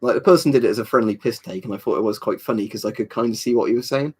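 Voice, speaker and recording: A man's voice: medium pitch, very fast, darkish tone, slightly rough. A young adult man from England chatting casually on a live stream, rambling, swearing freely and answering viewers' questions.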